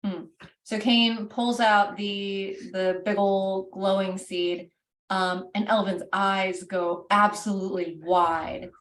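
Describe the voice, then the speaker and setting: A woman's voice: mid-range voice, level tone, slow pace, fairly bright tone. A woman game master casually narrating a tabletop game, full of fillers, recorded roomy and from a distance.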